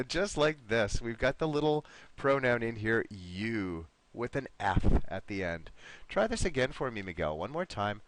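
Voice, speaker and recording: Slow, lively-voiced male English teacher. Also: mid-range voice. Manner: patient, encouraging, modeling pronunciation slowly. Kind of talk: online English lesson.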